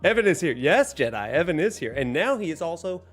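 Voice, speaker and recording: Playful, lively-voiced livestream host man. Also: on the high side, brisk, soft background music. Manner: playful, laughs often, chats to viewers. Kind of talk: casual livestream chat.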